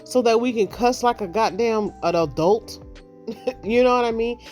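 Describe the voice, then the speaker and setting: A middle-aged woman holds forth in a blunt, salty, casual monologue. She acts out the people in her stories with loose, animated delivery. Faint music plays underneath her. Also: a little high, moderate pace. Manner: blunt, profane, animated storytelling with mocked voices. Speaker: vlogger.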